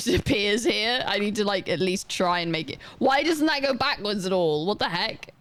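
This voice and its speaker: A woman's voice: mid-range voice, animated, normal speed, a bit bright. A young woman livestreaming a game, chatting casually and rambling as she plays and talks to her chat.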